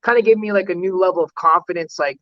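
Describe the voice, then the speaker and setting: Brief: male fighter guest, high pitch, loose filler-heavy storytelling, lo-fi muffled call sound. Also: fast talker, a bit bright. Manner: rambling, heavy use of "like" fillers. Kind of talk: casual storytelling interview.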